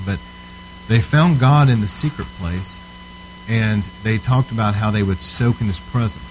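Male preacher, lower register, conversational sermon delivery, earnest and emphatic. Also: a little mellow, a little hiss or hum, rough recording. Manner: casual storytelling, checks in with "Okay?". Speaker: preacher teaching on altar ministry.

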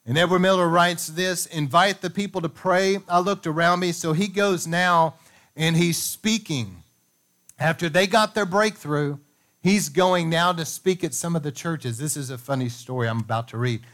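A man with a fairly high voice preaches from the pulpit, reading a revival story and breaking off for playful asides to his congregation. He talks in an animated, storytelling way. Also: normal speed. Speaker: pastor. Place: church.

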